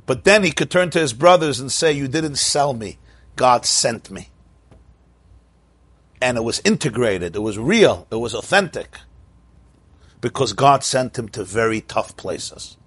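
A man giving a Torah class as a rabbi, lively and questioning, with mock-cheerful asides. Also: mid-range voice, moderate pace, husky, dry recording.

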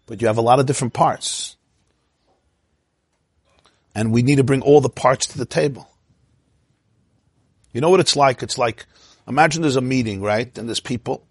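Guy teaching a torah class, kinda husky, dry close sound, jokey and animated. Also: medium pitch, dry recording. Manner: animated, acts out inner voices, laughs at own jokes. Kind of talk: informal Torah lecture.

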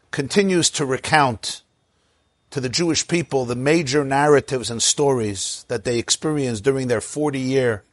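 Unhurried man teaching a Torah class. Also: medium pitch, fairly bright tone, no room sound. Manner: unhurried, with pauses and fillers. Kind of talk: storytelling lecture.

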